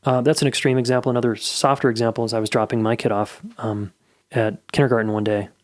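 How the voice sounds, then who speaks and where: A man's voice: medium pitch, little pitch movement, fast talker, no echo. Man, middle-aged, podcast host, candid advice monologue, swears casually, dry sound.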